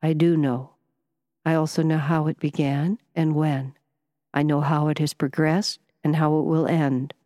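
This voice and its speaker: A woman voicing a calm, serious male wizard and scientist who speaks quietly and in a measured way. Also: deep voice, dry recording, clean studio sound.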